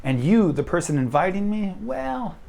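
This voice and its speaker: A man's voice: sits high, very animated, moderate pace, vocal fry, a little mellow. A young man vlogging straight to camera, blunt and self-deprecating in a casual rant. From United States.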